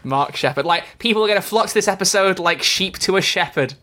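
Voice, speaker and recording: A man's voice: high voice, quick pace, sharp tone. A man co-hosting a casual podcast chat, joking and making puns as he introduces the show. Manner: playful, jokey, punning. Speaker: podcast co-host.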